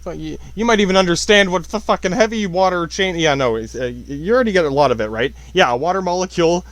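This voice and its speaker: A man's voice: sits high, quick pace, a bit bright, no room sound. A man in his thirties hosting a podcast, rambling through science in a profane monologue, cutting himself off and laughing often. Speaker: podcast host.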